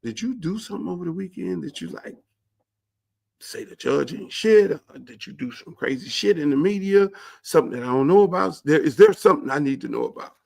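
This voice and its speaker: A man's voice: a little high, animated, a little fast, creaky, darkish tone. A man acting out an alarmed male lawyer firing off profane questions.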